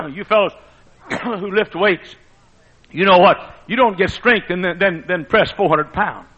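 A male preacher delivering a sermon in a dramatic style that booms and then drops to a hush. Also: unhurried, slightly rough. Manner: dramatic preaching, booming one moment and hushed the next. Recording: dull lo-fi sermon recording.

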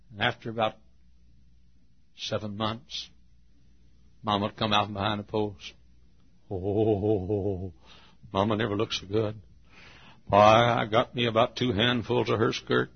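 Folksy male preacher, storytelling sermon, husky voice, lo-fi sound. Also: lowish voice. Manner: folksy, swings from hushed to loud.

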